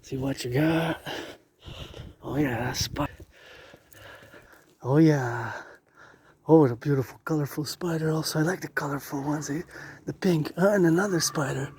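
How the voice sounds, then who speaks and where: A man's voice: a little high, normal speed, long pauses, slightly rough. Rambling man on a street walk. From Canada. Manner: rambling, excitable, talks to decorations. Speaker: vlogger. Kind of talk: casual walking vlog. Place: outdoors on residential streets.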